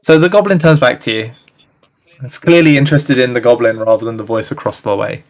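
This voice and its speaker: A man's voice: medium pitch, fairly quick. A man running a tabletop game as game master, laid-back, laughing often and swearing casually.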